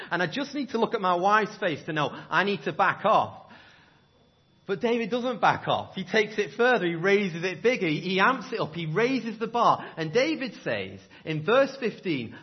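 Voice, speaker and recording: Impassioned male preacher, swinging loud to hushed. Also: sits high, lo-fi sound. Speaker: pastor. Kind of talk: sermon. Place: church.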